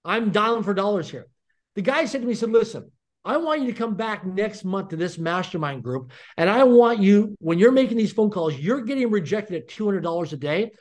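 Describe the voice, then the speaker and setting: A fast-talking man with a high-set voice tells a personal story at full pace. He is middle-aged and animated, and he acts out every line of dialogue as he goes. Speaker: podcast guest. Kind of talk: energetic storytelling.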